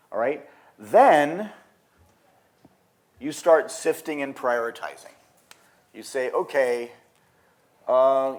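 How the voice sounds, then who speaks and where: Casual, animated man leading a workshop. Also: mid-range voice. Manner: casual, animated storytelling with frequent fillers. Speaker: design workshop speaker. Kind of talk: live workshop talk. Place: conference venue.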